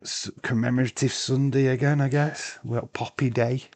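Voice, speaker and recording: A man's voice: medium pitch, little pitch movement, moderate pace, vocal fry, a little mellow. A man hosting a casual live watch-along stream, chatting loosely, answering viewers' comments and swearing now and then. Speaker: livestream host.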